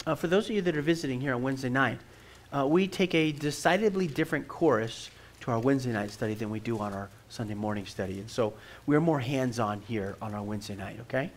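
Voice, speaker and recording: A man's voice: medium pitch, expressive, quick pace. A middle-aged man, a pastor, preaching a sermon in an earnest way and often repeating words as he starts a sentence. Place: church.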